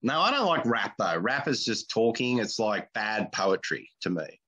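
Blunt, crude deadpan man. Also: on the low side, normal speed, slightly rough. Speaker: podcast co-host. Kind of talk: casual comedy podcast banter.

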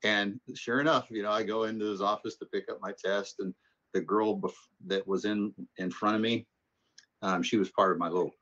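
A man's voice: on the low side, fairly even intonation, moderate pace, a bit bright, highs cut off. A man teaching a math class, telling rambling stories and then explaining the lesson in a casual way. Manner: rambling anecdotal storytelling. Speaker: math instructor. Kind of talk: casual classroom talk and lecture.

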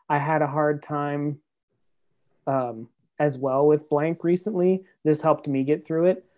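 A man giving a webinar talk to parents, in a direct, encouraging manner. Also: mid-range voice. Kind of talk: practical talk. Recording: dull lo-fi webinar audio.

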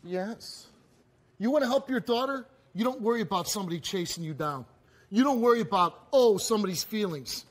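A man with a fairly high voice hosts a confrontational talk show from a studio stage. He presses his guests hard, forceful and intense, hammering points home by repeating them. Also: expressive, a little fast.

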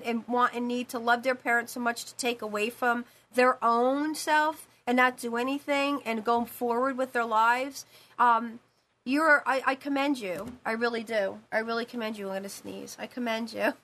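A woman's voice: high-pitched, fairly bright tone. A woman hosting a live call-in show as a psychic medium, talking in a rambling, emphatic way with many repeated phrases.

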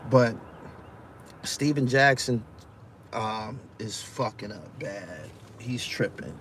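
Speaking in a medium pitch over a slight hiss or hum, this Brooklyn, New York man runs a laid-back live stream. He swears casually while reading out what viewers write and reacting to it.

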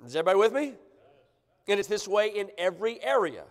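A man's voice: sits high, very animated, quick pace. A man preaching a sermon, emphatic and often checking in with the congregation. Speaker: pastor. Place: church sanctuary. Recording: church livestream with long hall reverb.

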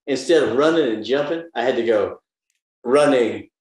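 Interviewed over a video call, a Southern American actor in his seventies animatedly spins stories and imitates the people he quotes. He talks briskly in a mid-range voice, with a roomy, echoey room sound and a little hiss or hum.

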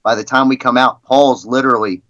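A man's voice: mid-range voice, steady tone, a little fast, a bit bright, muffled recording. A man guest on a podcast, telling stories in a rambling, casual way with lots of "you know" and "I mean". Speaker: guest, league president. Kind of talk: casual storytelling in a podcast interview.

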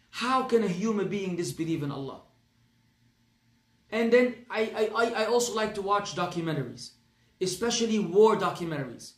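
Man, Arabic accent, high voice, earnest emphatic class lecture, roomy echo. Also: animated, normal speed. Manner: earnest, emphatic, repeats phrases, mixes in Arabic. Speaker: Islamic teacher.

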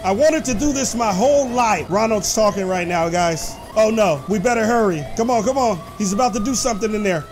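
A man hosting excited gameplay commentary, talking to his viewers and shouting when the action peaks. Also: high-pitched, brisk, hardly any pauses, noisy background. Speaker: gaming host.

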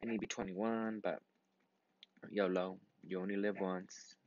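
A man's voice: sits low, little pitch movement, unhurried, darkish tone, dull audio, slight background noise. A tired young man in his twenties giving rambling, casual commentary while playing a computer game, swearing often and breaking into sudden outbursts. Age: 20s. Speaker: gaming vlogger.

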